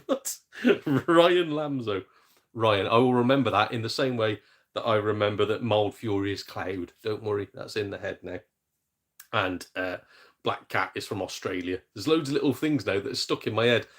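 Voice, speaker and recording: A man's voice: lowish voice, sing-song, moderate pace, a bit bright. Chatty man streaming games. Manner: chatty, jokey and self-mocking, with mild swearing. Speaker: gaming streamer. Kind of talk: casual live stream chat, reading chat messages.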